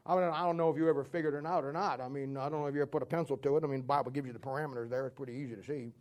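A man preaching a sermon in a folksy storytelling way, acting out little dialogues and swinging between loud and soft. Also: mid-range voice, steady tone, rapid-fire.

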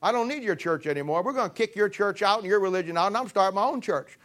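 A man's voice: high voice, expressive, fast talker, a bit bright. A man doing a brash, lovesick king. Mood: defiant. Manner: pleading, casual slangy talk.

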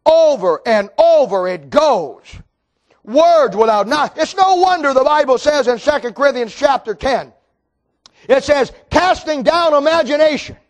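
High-voiced shouting man preaching. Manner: mocking, shouting preacher with sarcastic asides. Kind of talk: sermon.

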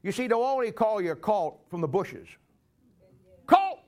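Male pastor delivering a sermon, emphatic and sarcastic, with a somewhat high voice. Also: lively intonation, a little fast, darkish tone.

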